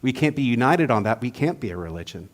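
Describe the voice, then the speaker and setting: Animated male preacher telling jokes. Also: mid-range voice, fast. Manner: playful, joke-telling, then reflective. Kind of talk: humorous sermon.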